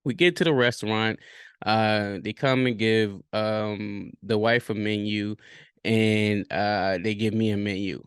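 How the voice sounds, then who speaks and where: A man talks through a reflective solo podcast, pausing on fillers and restarting sentences as he thinks aloud. His voice sits on the low side and comes across smooth and resonant. The sound is dry and close, with no room around it. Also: steady tone, no room sound. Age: 30s. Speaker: podcast host.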